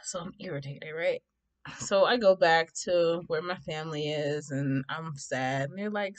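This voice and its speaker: A young woman telling a story to camera in a chatty, animated way, acting out what people said and laughing along. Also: mid-range voice, brisk. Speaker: vlogger. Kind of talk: casual storytime.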